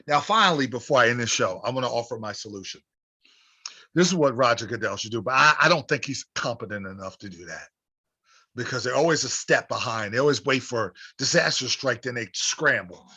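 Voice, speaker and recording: Male sports talk host, punchy and insistent, bright cutting voice. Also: medium pitch, breathy edge. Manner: emphatic, repetitive rallying delivery. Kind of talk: opinion monologue.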